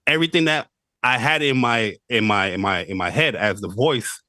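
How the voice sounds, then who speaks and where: A man hosting a podcast, asking questions in a relaxed, conversational way. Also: medium pitch, moderate pace, no room sound, clean studio sound. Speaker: podcast host. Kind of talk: casual interview chat.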